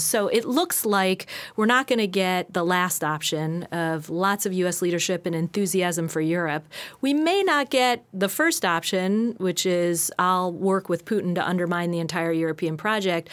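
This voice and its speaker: A woman giving political analysis in casual chat, methodical, laying out options in order. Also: medium pitch.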